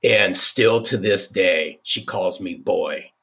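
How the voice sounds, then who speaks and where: A man in his fifties, a podcast guest telling a personal story in an animated, repeating way. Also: deep voice, takes it slowly. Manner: animated, restarts, repeats for emphasis. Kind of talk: conversational storytelling.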